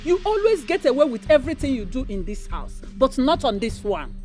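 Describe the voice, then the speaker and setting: An actress with a Nigerian accent playing a mother who loudly and indignantly confronts a rival woman. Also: sits high, sing-song, a little fast, soft background music. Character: mother accused, indignant and defiant.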